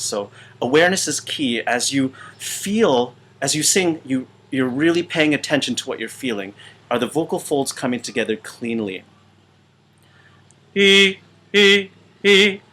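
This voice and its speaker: A man teaching voice, speaking with a weakened, out-of-shape voice in a halting way full of fillers and restarts. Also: medium pitch, expressive, fairly bright tone, a little hiss or hum. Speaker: voice teacher and choir conductor. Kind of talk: casual instructional video. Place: small retreat room.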